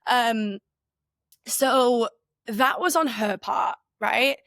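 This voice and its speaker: A woman's voice: fairly high pitch, extremely slow, a bit bright, no echo. Candid woman podcaster, dry close sound. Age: 30s. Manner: candid, rambling, many filler "like"s; earnest, emotionally open. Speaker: podcast co-host. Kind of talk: casual reflective conversation.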